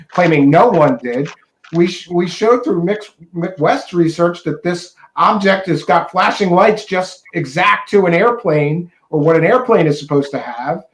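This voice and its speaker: Easygoing Philly man hosting a stream. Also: on the high side. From Philadelphia. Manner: easygoing, rambling, laughs along. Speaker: show host. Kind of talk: casual livestream chat. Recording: echoey room.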